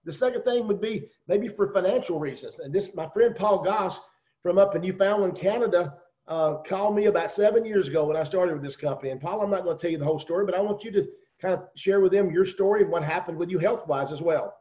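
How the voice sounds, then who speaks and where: Fast-talking Southern man on a video call. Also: sits high, mellow, lo-fi sound. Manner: persuasive, talks straight to listeners. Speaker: host. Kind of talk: sales pitch on a video call.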